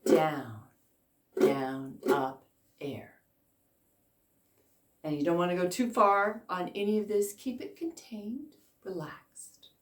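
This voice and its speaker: A woman's voice: mid-range voice, expressive, moderate pace, hardly any pauses. A woman in her fifties teaching a beginner ukulele lesson, encouraging and counting along with her students. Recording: echoey room, faint noise.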